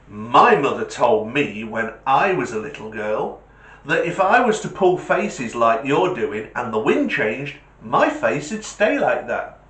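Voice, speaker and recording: A man's voice: medium pitch, sing-song, a little slow, a bit bright, reverberant, far from the mic. A man voicing a prim woman who lectures a boy. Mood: lecturing.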